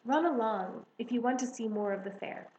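A woman voicing a wise, caring female spider who speaks calmly and soothingly. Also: a little high, normal speed, dull audio, slight background noise, close to an everyday voice. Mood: explaining. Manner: calm, soothing. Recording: roomy echo.

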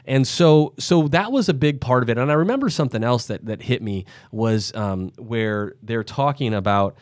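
A man's voice: medium pitch, animated, normal speed, no room sound, studio quality. A man from the US Midwest hosting a podcast interview, thinking aloud in long rambling sentences full of restarts. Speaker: podcast host. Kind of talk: casual interview chat.

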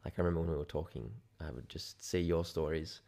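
A man's voice: extremely low pitch, quick pace, creaky, dark tone. A man with an Australian accent, a podcast guest who talks in a laid-back, enthusiastic way and drops slang. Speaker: guest, aerial filming business owner. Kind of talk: casual chat.

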